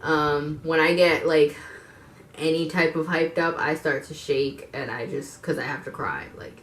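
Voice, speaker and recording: A young woman in her twenties talks straight to her viewers in a low voice, blunt and unfiltered, swearing freely as she tells her story. Her words ring around an echoey room. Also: fairly even intonation, unhurried. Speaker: vlogger. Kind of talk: candid personal storytime.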